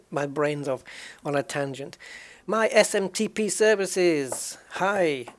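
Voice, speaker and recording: Tired English streamer, a man with a fairly high voice, chatting loosely with his viewers. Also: huge pitch swings, slow. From England. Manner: chatty, greets viewers by name, self-mocking. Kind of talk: casual game livestream chat.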